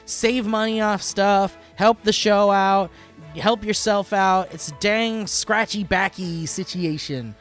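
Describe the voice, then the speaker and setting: A man's voice: high voice, normal speed, faint music behind. A young man hosting a podcast, reading sponsor ads in a jokey, rambling way. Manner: jokey, playful, rambling ad reads. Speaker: podcast host. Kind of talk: goofy ad reads on a podcast.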